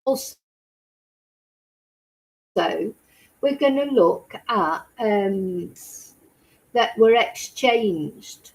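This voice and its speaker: A woman's voice: mid-range voice, expressive, extremely slow, long pauses, poor audio. A woman hosting a true crime channel, chatting casually with her viewers. She rambles and keeps asking rhetorical questions. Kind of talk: casual chat with live chat viewers.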